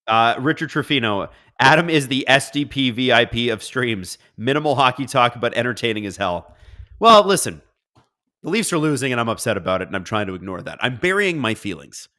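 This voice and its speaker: A man's voice: medium pitch, sing-song, brisk, bright, forceful tone. A man hosting a casual live stream, reading viewer comments aloud and riffing on them in a chatty way. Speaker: livestream host.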